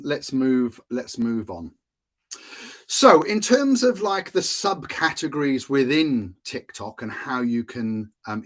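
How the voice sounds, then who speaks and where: Male instructor from Wales, casual teaching talk, chatty, mid pitch. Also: a bit bright. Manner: chatty, often checks in with "right?". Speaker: course instructor.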